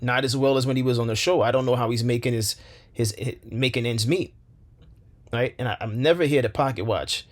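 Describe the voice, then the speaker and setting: Male commentary host of middling pitch, talking with fervor and hammering his points with repeated lines. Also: brisk. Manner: impassioned, rhetorical questions, repeats phrases for emphasis. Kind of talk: opinion commentary monologue.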